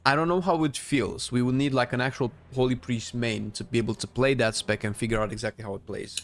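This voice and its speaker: A man's voice: medium pitch, fairly even intonation, brisk. A man streaming a game, chatting casually with viewers and giving blunt opinions while thinking aloud with frequent restarts. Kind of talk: casual live-stream commentary answering chat.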